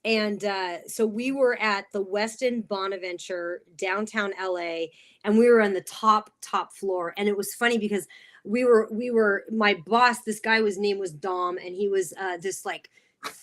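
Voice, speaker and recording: A middle-aged woman telling an animated, laughing story in a casual chat as a podcast guest. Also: mid-range voice, unhurried.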